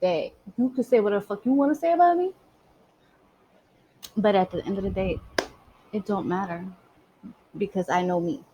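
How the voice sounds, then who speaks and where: Woman, casual monologue, blunt and streetwise, medium pitch. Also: normal speed, long pauses, dark tone, a little hiss or hum, poor audio. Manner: emphatic, streetwise, swears freely. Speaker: spiritual vlogger.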